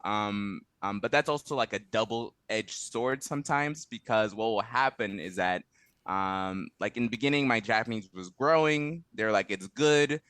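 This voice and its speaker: A man being interviewed in a casual conversation, relaxed and quick to laugh, with many fillers and restarts. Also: lowish voice, clean tone, dry recording. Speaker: interview guest, translation company head.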